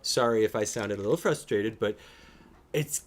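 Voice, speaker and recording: A man's voice: on the low side, brisk. A man chatting casually while reacting to a show, enthusiastic and rambling, sometimes teasing his co-host. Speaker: reaction streamer.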